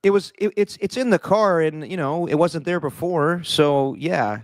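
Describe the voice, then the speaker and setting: A man's voice: on the high side, moderate pace, dry recording. A man co-hosting a podcast, telling a story in an exasperated, swearing way with stammers. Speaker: podcast co-host. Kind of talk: casual chat.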